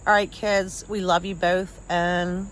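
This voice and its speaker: A woman's voice: on the low side, level tone, slow, slight background noise, poor audio. A woman recording a casual, jokey video message of congratulations with a family member. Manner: jokey, cheerful.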